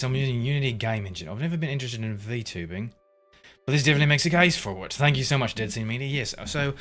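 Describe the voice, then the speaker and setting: A man's voice: medium pitch, animated, fast, fairly bright tone. Brief: man in his thirties, casual stream chat, rambling and chatty, mid voice, faint music underneath. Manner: rambling, laughs often, reads chat aloud. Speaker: livestreamer.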